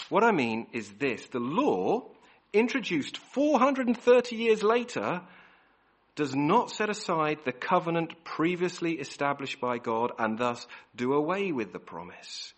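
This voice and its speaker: A man's voice: a little high, sing-song, unhurried. A man preaching a sermon, emphatic and repeating key words, often restarting his phrases. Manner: self-correcting restarts.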